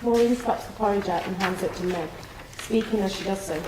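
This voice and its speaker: A woman reading a play's stage directions aloud in an even, descriptive way, in a theatre studio. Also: medium pitch, fairly quick, roomy sound, noisy background.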